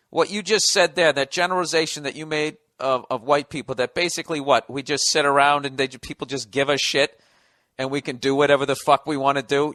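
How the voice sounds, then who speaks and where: A man's voice: a little high, bright, forceful tone, dry recording, studio quality. Sarcastic American man ranting on a podcast. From United States. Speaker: podcast host. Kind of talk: comedic podcast monologue.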